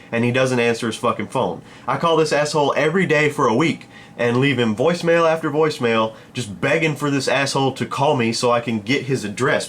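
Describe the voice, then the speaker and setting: Male vlogger, profane casual storytelling, mid-pitched voice. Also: a bit bright, slight background noise.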